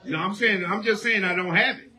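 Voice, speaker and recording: High-voiced preacher man shouting sermon. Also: a little fast, a faint crowd. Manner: preaching call-and-response, rising to shouts.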